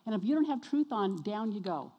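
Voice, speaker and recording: A woman preaching a sermon to her congregation, energetic and exhorting, often questioning the listeners. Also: mid-range voice, fairly quick, muffled recording. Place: church sanctuary. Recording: long reverb of a church hall.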